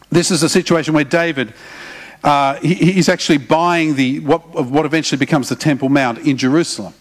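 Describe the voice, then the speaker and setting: A middle-aged man, preaching a sermon in a conversational way with humorous asides. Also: a little high. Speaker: pastor.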